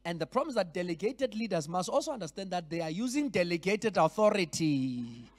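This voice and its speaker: A man leading a church leadership workshop, teaching in a lively way, switching languages and acting out little scenes. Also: sits high, a little fast. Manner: animated, switches between languages, acts out scenes. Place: church hall.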